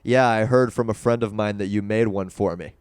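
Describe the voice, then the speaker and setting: A man's voice: fairly low pitch, fairly even intonation, fairly quick, a little mellow, clear, resonant tone, no echo. A man hosting a live call-in stream, teasing a caller with dry sarcasm. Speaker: livestream host taking calls.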